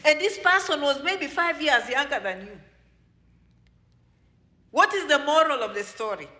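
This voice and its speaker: A woman's voice: sits high, expressive, measured pace, pushed and bright. A woman giving a motivational advice talk to her viewers, lecturing them directly and peppering it with rhetorical questions. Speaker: advice vlogger for immigrants.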